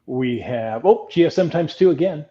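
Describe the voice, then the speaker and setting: A man's voice: a little high, lively intonation, normal speed, dark tone, lo-fi sound. A man co-hosting a casual podcast, reading listener comments and chatting in a friendly, laughing way. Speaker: podcast co-host. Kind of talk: casual chat.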